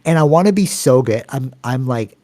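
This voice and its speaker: A man's voice: animated, moderate pace, darkish tone, no room sound. A man with a Canadian accent, co-hosting a podcast, telling long rambling stories full of fillers and acting out other people's voices. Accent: Canadian English. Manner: long-winded, rambling storytelling with many fillers; acts out quoted voices with sudden pitch jumps. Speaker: podcast co-host. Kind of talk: casual podcast chat.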